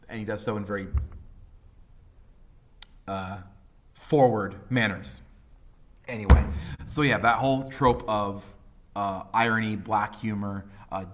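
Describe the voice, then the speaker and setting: A high school English teacher with a lower male voice delivers a classroom lecture in a casual, animated way, using many fillers and acting out quotes.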